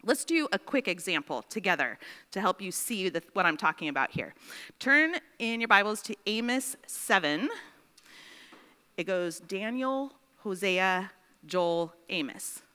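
A woman teaching a Bible study class, dictating slowly with repeated phrases and checking in with her listeners. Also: mid-range voice, expressive, pushed and bright, clear, resonant tone. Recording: long reverb in a large room.

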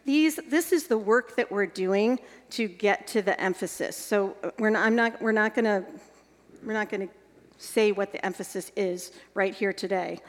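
A woman's voice: medium pitch, normal speed, big-room sound. A woman leading an evening workshop on teaching the Bible, guiding the group and checking with questions as she goes.

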